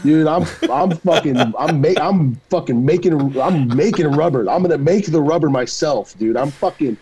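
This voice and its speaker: A middle-aged man talks as a guest on a casual podcast. His voice is dark and mellow, and he rambles through loose, profane stories. He drops jokes and swears freely. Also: on the high side, slightly rough, low-quality recording. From Mexican-American. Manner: profane, joking, drawn-out storytelling.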